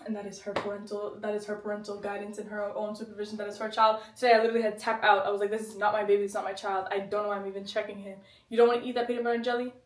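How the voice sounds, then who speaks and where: A woman's voice: medium pitch, flat delivery, rapid-fire, few pauses, a little hiss or hum. A young woman co-hosting a casual podcast, talking bluntly, swearing and acting out the people she quotes. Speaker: podcast co-host. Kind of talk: casual chat. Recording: echoey room, mic at a distance.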